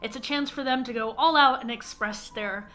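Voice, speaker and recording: A woman's voice: on the high side, normal speed, sharp tone, faint music behind. A woman hosting an educational vlog, explaining an anthropology topic with self-mocking, nitpicking asides. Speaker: anthropology video creator.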